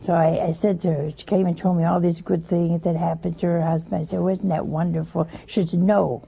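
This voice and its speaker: A woman's voice: lowish voice, level tone, fast, creaky, mellow. An older woman giving a folksy sermon, teasing her listeners with questions and anecdotes. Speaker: preacher.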